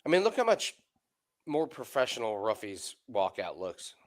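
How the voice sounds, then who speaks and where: A man co-hosting a live fight-night betting stream over a video call. He talks in a loose, chatty way and is quick to break into laughter. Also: fairly low pitch. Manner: laughs often, loose and excited. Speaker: co-host. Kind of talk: live sports betting chat.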